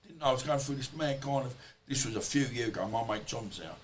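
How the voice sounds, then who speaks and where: A man's voice: mid-range voice, lively intonation, fast talker, slight background noise, low-quality recording. A man, a podcast guest telling rambling personal stories in casual talk, swearing freely and acting out what people said to him. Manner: rambling, swears freely, acts out quoted dialogue. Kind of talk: casual storytelling interview.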